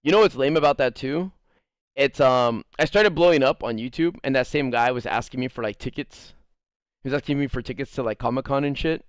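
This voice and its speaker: A young man streaming a game while telling a rambling, profane story in a casual, animated way. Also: mid-range voice, a little fast, clear, resonant tone, dry recording, studio quality.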